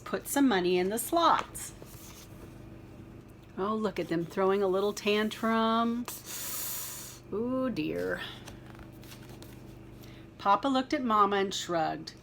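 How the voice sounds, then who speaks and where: A woman reading a children's picture book aloud, with gentle, chatty asides to young listeners. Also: medium pitch, slight background noise.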